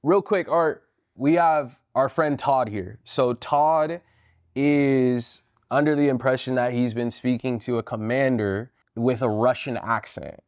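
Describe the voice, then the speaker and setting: A man's voice: medium pitch, measured pace, no room sound. A man hosts and narrates an investigative show, direct and plainly incredulous. His mid-range voice sounds dry and close. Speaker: host.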